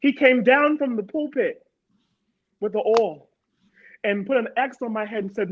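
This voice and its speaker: A woman from Harrisburg, Pennsylvania gives a personal testimony as a panel guest, speaking emphatically and repeating words for stress. Her voice is on the high side at normal speed with frequent pauses, and the sound is lo-fi.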